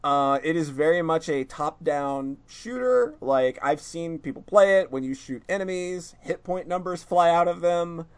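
A man co-hosting a casual gaming podcast, excitable and full of swearing. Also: on the high side, unhurried, hardly any pauses, clean tone. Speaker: podcast co-host.

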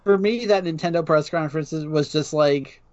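A man's voice: fairly high pitch, normal speed, muffled recording, crowd noise. A man co-hosting a casual podcast, telling stories with enthusiasm and frequent laughter. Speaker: podcast co-host.

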